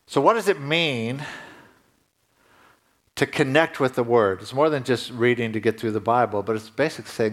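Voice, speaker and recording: A man delivers a sermon in a church in a relaxed, talking-to-you manner. His voice sits in a middle register and climbs with emphasis when he drives a point home. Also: mid-range voice, moderate pace. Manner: conversational preaching, rising emphatically at key points. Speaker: pastor.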